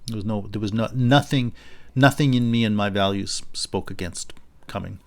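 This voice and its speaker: A male philosophy lecturer giving an unscripted university lecture, thinking aloud and paraphrasing a text in a lively quoting voice. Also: lowish voice, moderate pace. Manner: thinking aloud, with frequent restarts and fillers.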